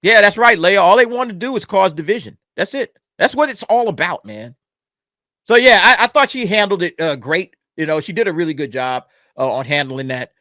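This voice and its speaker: A man hosting a reaction commentary, swearing freely and answering the clip as it plays. His voice sits high and bright. It swings widely in pitch, recorded close in a dry, dead room. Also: brisk, no room sound. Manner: animated, profane, talks back to clips. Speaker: commentary channel host.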